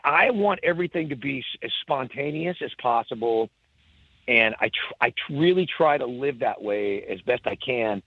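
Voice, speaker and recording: A middle-aged songwriter, a guest on a podcast, tells animated stories at a moderate pace in a medium-pitched, husky voice, repeating words and restarting often. The recording is dry and sounds like a tinny phone line.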